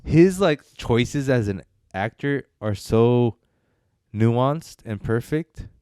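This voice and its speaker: A man's voice: medium pitch, lively intonation, slow, dark tone, smooth, no room sound, studio quality. A man co-hosting a casual film review chat, rambling and hesitant with many fillers and restarts. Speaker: podcast co-host reviewing films.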